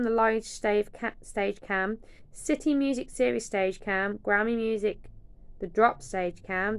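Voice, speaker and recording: Chatty young woman, gravelly voice. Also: mid-range voice, no room sound. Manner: chatty, swears, drops into whispers. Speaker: vlogger. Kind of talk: casual unboxing chat.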